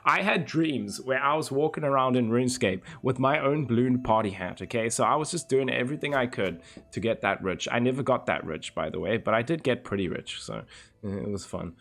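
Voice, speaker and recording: This laid-back streamer in his twenties curses freely while telling stories on a live stream, tossing in quick voice impressions. His mid-range voice has vocal fry and a fairly bright tone.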